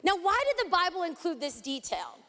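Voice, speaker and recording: A woman Bible teacher from East Los Angeles preaching a sermon, dramatic and animated, acting out scenes as she teaches. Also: very high voice, fairly quick. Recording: hall reverb.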